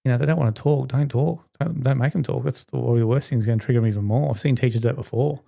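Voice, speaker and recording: A man's voice: medium pitch, very fast, vocal fry, warm tone. A man hosting a podcast, giving earnest self-help advice in a conversational way with many fillers. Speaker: podcast host.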